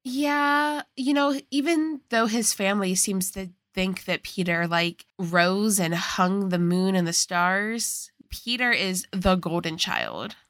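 A woman's voice: medium pitch, slow pace, few pauses, fairly bright tone, no echo. A woman co-hosting a podcast, chatting casually as she explains the plot of a movie. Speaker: podcast co-host. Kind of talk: casual chat recapping a movie.

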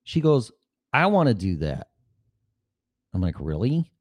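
Lively, low-voiced man rambling on a podcast. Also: unhurried, no echo. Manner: rambling, profane, casual. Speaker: podcast host. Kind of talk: solo podcast monologue. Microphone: studio mic with mixer.

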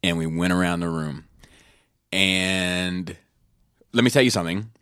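Deep voiced guy rambling thru a party story on his podcast, lots of likes and ums, dry close mic. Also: unhurried, fairly bright tone, smooth, no echo. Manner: rambling storyteller, swears freely, many fillers. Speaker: podcast host. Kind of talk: casual podcast chat.

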